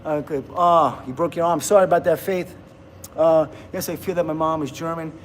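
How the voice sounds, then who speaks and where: A man's voice: a little high, fairly even intonation, moderate pace, slight background noise. A man in his fifties from the United States, chatting casually on a livestream and answering viewer comments in an upbeat way. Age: 50s.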